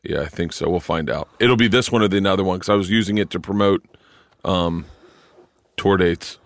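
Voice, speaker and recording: A man's voice: deep voice, a little fast, no room sound. A middle-aged man, a comedian, chatting casually on a podcast, rambling and trailing off as he searches aloud.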